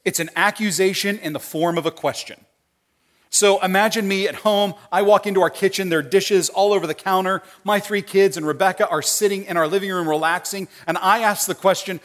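A middle-aged man preaching a sermon, acting out quoted voices and swinging between hushed, tender lines and loud, emphatic ones. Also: sits high. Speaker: pastor.

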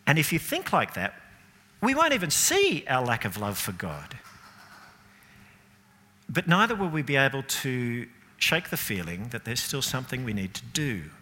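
Aussie preacher guy, lots of up and down, bright, sounds like a big echoey church. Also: medium pitch, normal speed. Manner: animated, rhetorical questions, shifts between loud and soft. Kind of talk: sermon.

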